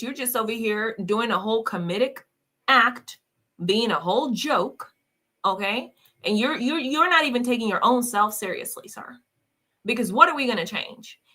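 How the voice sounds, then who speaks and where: A woman's voice: a little high, pushed and bright. A woman hosting a reaction commentary, talking in a scornful, combative way and repeating her questions mockingly. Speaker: commentary host reacting to clips.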